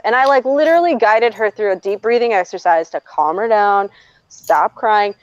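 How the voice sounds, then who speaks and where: A woman's voice: medium pitch, normal speed, no room sound. Blunt, swearing woman on a dull mic. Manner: blunt, swears freely, laughs often while talking. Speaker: streamer host. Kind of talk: casual storytelling chat. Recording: dull lo-fi dry recording.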